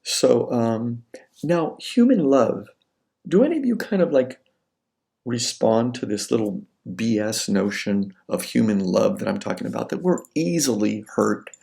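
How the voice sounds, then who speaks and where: Guy lecturing a class, gravelly mellow voice, super conversational, acts stuff out. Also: mid-range voice, animated, a little slow.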